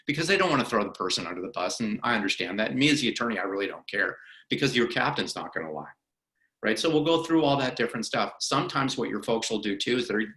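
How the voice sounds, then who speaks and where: A middle-aged man, an attorney, leading a workplace harassment training in a conversational way and acting out courtroom questioning. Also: fairly low pitch. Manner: animated, acts out courtroom questioning. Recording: roomy echo of a meeting room.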